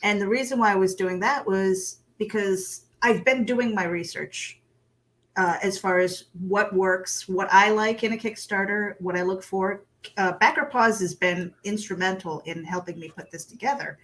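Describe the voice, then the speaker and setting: A woman's voice: medium pitch, moderate pace, a bit bright. A woman guest in a casual chat, candid and self-deprecating, often laughing as she talks.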